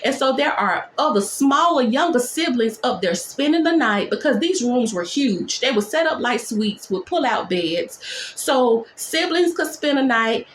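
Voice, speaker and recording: A woman nurse telling a dramatic workplace story in a storytime vlog, talking in quick, animated bursts. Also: high-pitched, roomy sound, a little hiss or hum.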